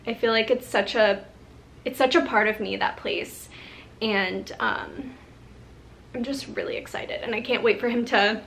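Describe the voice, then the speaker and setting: Brief: young woman vlogger, bright voice, slow halting talk, near tears. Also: a little high, slight background noise. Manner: halting, tearful, many restarts and ums. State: on the verge of tears. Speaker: lifestyle vlogger. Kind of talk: emotional unscripted vlog talk.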